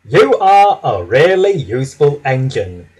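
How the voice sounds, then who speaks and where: A man voicing a stout, stern but fair male railway boss in a storybook reading, speaking deliberately. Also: very animated, darkish tone, breathy edge. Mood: approving. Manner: deliberate, lower and firmer. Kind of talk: storybook narration.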